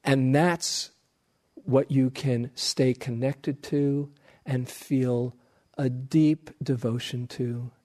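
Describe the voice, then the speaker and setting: A middle-aged man, a meditation teacher, giving a dharma talk in a slow, gentle storytelling manner with soft laughs. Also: mid-range voice, steady tone.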